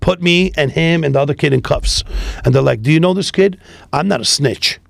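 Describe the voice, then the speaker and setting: A man, a tow business founder telling profane, animated stories in a casual interview. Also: a little high, fairly quick, gravelly, no room sound. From New York City. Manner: profane, animated street storytelling.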